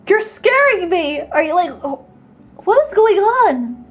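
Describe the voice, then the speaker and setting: Bubbly and easily set off into squeals and giggles, this young VTuber talks casually with viewers on a live stream. Her voice is high and bright, bouncing wildly in pitch.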